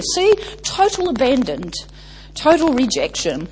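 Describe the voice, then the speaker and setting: A woman's voice: fairly high pitch, animated, a little slow, breathy edge, rough recording. A woman preacher delivering an emphatic sermon, stacking lists and asking the congregation rhetorical questions.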